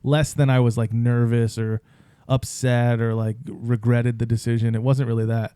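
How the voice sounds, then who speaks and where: A man's voice: mid-range voice, level tone, moderate pace, warm tone, clean tone, no echo, clean studio sound. A man in his thirties co-hosting a podcast, talking in a thoughtful, reflective way. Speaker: podcast co-host. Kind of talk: casual chat.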